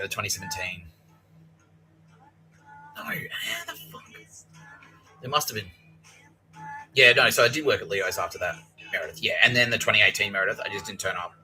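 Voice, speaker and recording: A man with an Australian accent hosts a rambling, profane solo podcast monologue about conspiracies, often acting out other people's lines. His voice sits on the low side but sounds pushed and bright, and the recording is rough.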